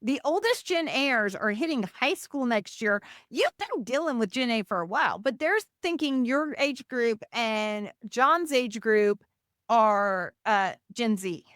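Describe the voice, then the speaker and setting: A woman's voice: on the high side, expressive, a little slow, fairly bright tone, dry recording, studio quality. A middle-aged woman co-hosting a podcast, explaining earnestly in casual chat with fillers. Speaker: podcast co-host, dance studio owner.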